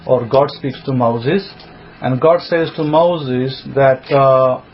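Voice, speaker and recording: A man's voice: medium pitch, a little hiss or hum. Man teaching scripture, lo-fi sound. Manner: reads verses aloud and explains them, thinking aloud. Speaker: rabbi.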